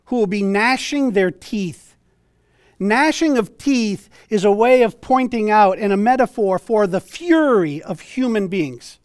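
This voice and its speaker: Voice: mid-range voice, darkish tone, no room sound, clean studio sound. A preacher giving an earnest sermon, exhorting listeners and citing scripture.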